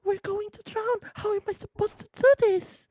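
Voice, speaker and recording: A woman's voice: very high-pitched, steady tone, moderate pace, dark tone, dry recording, voice pushed up. A woman voicing a frightened little boy who is lost in a sewer and pleading for help. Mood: panicked. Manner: pleading, panicky cries for help.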